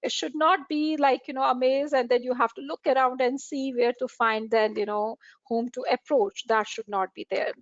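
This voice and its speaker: A woman's voice: sits high, fairly even intonation, normal speed, few pauses, no room sound, highs cut off. A woman giving an earnest webinar lecture to librarians, repeating phrases for emphasis and using many fillers. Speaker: webinar speaker on library services. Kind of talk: lecture over slides.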